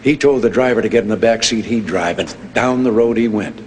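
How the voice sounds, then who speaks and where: Folksy stories told with dry wit fill this older man's humorous public speech. He speaks on the lower side, a little fast, with a darkish tone, captured with long hall reverb and faint noise.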